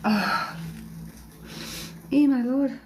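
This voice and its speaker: A woman working as a psychic medium on a live stream, tearful and emotional, talking in halting phrases broken by sighs. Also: sits high, a little mellow, a little hiss or hum, rough recording. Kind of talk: live-stream spirit reading. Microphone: phone or webcam on a live stream.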